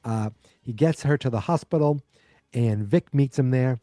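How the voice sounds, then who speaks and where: A man's voice: medium pitch, moderate pace, dark tone, no echo, clean studio sound. A man hosting a podcast, casually recapping an episode in a rambling way full of fillers. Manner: rambling, filler-heavy retelling. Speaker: podcast host.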